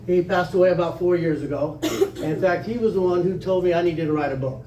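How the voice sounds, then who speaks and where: A man's voice: sits high, a little fast, dark tone. A man telling folksy stories to a live conference audience, chuckling and acting out phone calls. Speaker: conference speaker. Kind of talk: storytelling talk to a live audience. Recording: echoey room, far from mic, faint noise.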